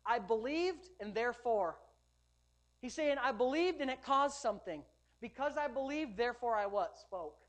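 A woman's voice: fairly high pitch, expressive, moderate pace. A woman pastor preaching a sermon, rhythmic and emphatic, with lighthearted asides to the congregation.

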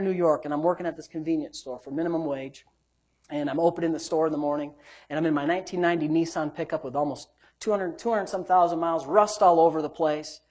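Man preaching, loud then muttered. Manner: storytelling, swings between loud emphatic preaching and low muttered asides; acts out quoted speech. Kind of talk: sermon with personal testimony.

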